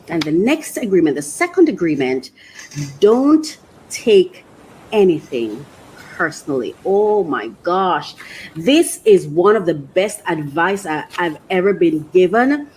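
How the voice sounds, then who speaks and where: Lively, emotional woman sharing a favorite book. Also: on the low side, a little hiss or hum, poor audio. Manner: emotional and expressive, laughs often, restarts sentences; slows down when reading aloud. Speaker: host of a faith podcast. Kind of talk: casual reflective monologue.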